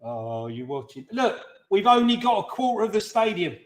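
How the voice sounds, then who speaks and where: Loud, heckling football fan. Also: male voice, high voice, sing-song, moderate pace. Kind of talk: football watch-along chat.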